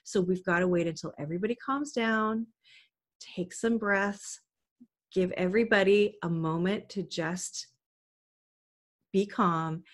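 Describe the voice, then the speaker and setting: A woman giving a parenting talk to camera, earnest and coaching, often asking the listener questions. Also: lowish voice. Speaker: parenting educator.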